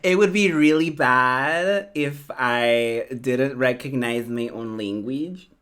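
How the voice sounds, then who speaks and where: A young woman from Portugal, streaming a game and chatting with her viewers in a lively, animated way. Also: extremely low pitch, slow, smooth. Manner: animated, chatty, reacting to chat messages. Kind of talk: casual chat while playing a game.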